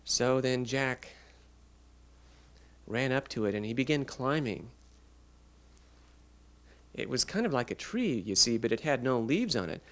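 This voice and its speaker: A man interpreting a child's signed story aloud, narrating a fairy tale in an unhurried, halting way with pauses. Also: mid-range voice, expressive, fairly bright tone. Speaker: sign language interpreter voicing a child.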